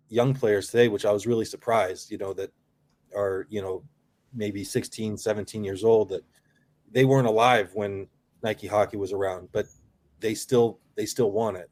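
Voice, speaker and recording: A man's voice: lowish voice, fairly even intonation, normal speed, a little mellow. A middle-aged man, a guest in a casual interview, telling a long story in a rambling way, with many restarts and "you know" fillers. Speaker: guest, product founder.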